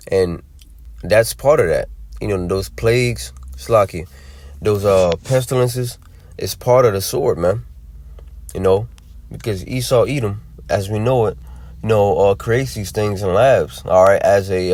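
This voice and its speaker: A man's voice: lowish voice, a little slow, a little mellow, no echo. A man teaching from scripture, reading verses aloud and explaining them in a drawling, conversational way full of "you know" and "all right". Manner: drawling, many fillers and tag questions. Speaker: preacher.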